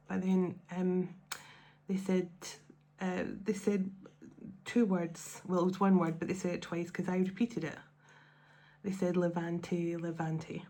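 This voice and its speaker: Gravelly low-voiced woman, emotional and rambling. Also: mellow. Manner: emotional, rambling, with many restarts. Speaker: tarot and spiritual channel host. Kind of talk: casual heartfelt talk to viewers.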